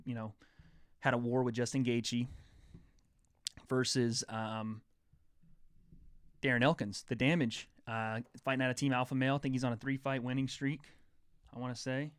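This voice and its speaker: A man's voice: mid-range voice, flat delivery, normal speed, pauses often, smooth, no echo, clean studio sound. A young man hosting a casual sports chat show, rambling enthusiastically through fight news. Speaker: host.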